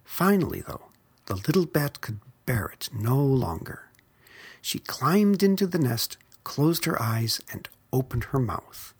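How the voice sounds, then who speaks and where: A storyteller reading a children's picture book aloud in a soft, gentle whisper. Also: mid-range voice, big pitch swings, a little slow, husky.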